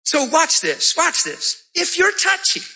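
A man preaching a sermon, telling a story with lively, animated delivery and jumping into high-pitched voices for the people in it. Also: a little slow. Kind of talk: sermon with testimony.

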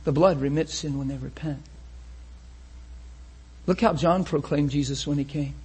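A man preaching a sermon with great passion, often rising to a shout and acting out how his listeners would react. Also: fairly high pitch, normal speed, long pauses, slightly rough.

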